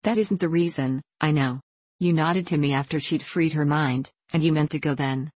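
A woman's voice: low voice, normal speed, a little mellow, no room sound. A woman reading the part of a blunt, good-hearted teenage boy in a storybook. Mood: bluff. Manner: bluff, gruff.

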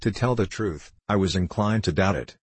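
A man reading the part of a curious new footman in an audiobook, with a deep, husky voice. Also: normal speed, no echo. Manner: eager, inquisitive. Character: curious young male footman, eager newcomer.

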